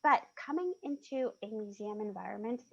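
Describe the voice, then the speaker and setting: A woman who works as a children's museum consultant, explaining her work on a panel in an animated way and laughing as she talks, over a video call. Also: mid-range voice, moderate pace, vocal fry. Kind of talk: presenting on a panel. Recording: muffled video call audio.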